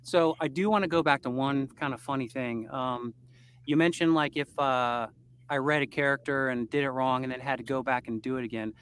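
A man's voice: mid-range voice, fairly quick, fairly bright tone, a little hiss or hum. Easygoing male audiobook narrator chatting. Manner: easygoing, laughs often, rambling with fillers. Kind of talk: casual interview chat.

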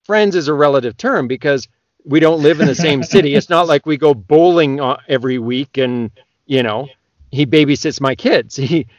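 A man from Canada, an audiobook narrator, chatting as a podcast guest in a lively storytelling way. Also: a little high, moderate pace, dry recording, lo-fi sound. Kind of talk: casual podcast chat.

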